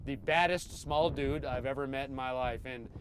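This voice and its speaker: A middle-aged former motorcycle racer telling stories in a relaxed, rambling way, often repeating his first words. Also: medium pitch, moderate pace, background noise. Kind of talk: casual storytelling interview.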